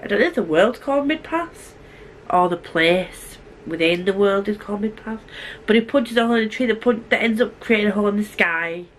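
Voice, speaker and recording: A fast, chatty woman reviewing books on her vlog. She gushes and piles on asides and restarts, with her voice at an ordinary middle pitch. A faint hum of room noise sits behind her. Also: animated, low-quality recording. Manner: fast-talking and gushing. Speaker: book vlogger. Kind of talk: casual book review vlog.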